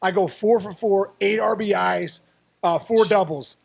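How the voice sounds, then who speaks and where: Guest spot: gravelly, husky-voiced man, high-pitched for a man, animated storyteller who stumbles and repeats words. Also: measured pace. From Pittsburgh area. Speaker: podcast guest, former baseball player. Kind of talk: storytelling interview.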